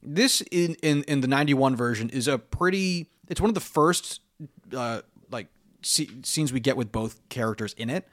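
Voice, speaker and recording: A man's voice: medium pitch, lively intonation, moderate pace, fairly bright tone. A man co-hosting a casual film podcast, talking animatedly, swearing freely and acting out lines from the movies. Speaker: podcast co-host.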